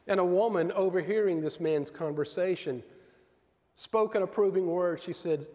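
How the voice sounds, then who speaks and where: High-pitched preacher guy, earnest and measured, long reverb from a big hall. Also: mellow. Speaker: pastor. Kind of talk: sermon.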